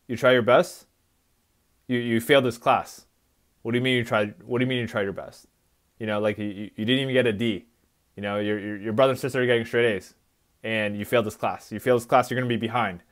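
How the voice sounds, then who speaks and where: A man voicing his angry, disappointed mother as she scolds her son with rapid questions. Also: medium pitch, fairly even intonation, close to an everyday voice. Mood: scolding.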